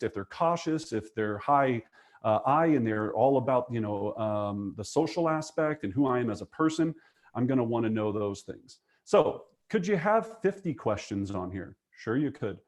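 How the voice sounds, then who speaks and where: A man teaching real estate agents in a coaching lesson, emphatic and energetic, checking in with "okay?" and "right?". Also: medium pitch.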